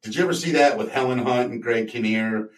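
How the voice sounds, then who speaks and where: A man around fifty in casual chat, telling animated stories and swearing freely. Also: medium pitch, brisk. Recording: roomy, mic at a distance.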